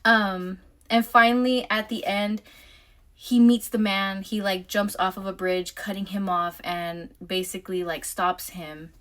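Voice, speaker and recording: A woman's voice: mid-range voice, fairly even intonation, unhurried, a bit bright. A woman casually recapping a novel's chapters, chatty and full of filler words. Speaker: book recap vlogger.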